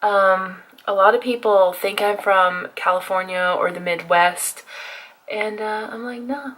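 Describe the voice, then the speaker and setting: A woman's voice: mid-range voice, steady tone, a little slow, fairly bright tone, low-quality recording. A young woman from Texas with a Texan accent, chatting casually and confidingly to her viewers while doing her makeup. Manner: chatty and confiding, with fillers like "like" and "you know". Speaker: beauty vlogger.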